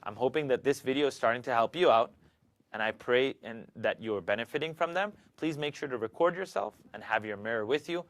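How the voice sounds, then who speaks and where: A man's voice: mid-range voice, lively intonation, fairly quick, no room sound. A man teaching Quran recitation in a video lesson, patiently demonstrating each letter sound aloud for learners to repeat.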